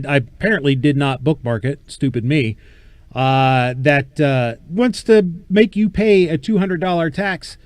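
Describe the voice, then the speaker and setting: A man's voice: fairly high pitch, no room sound. A man hosting a casual show, speaking bluntly with casual swearing and reading news items aloud. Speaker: show host.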